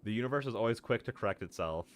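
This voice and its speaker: A young adult man streaming a casual visual novel read-aloud, excitable and goofy, rambling through asides and narration. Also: lowish voice, very fast.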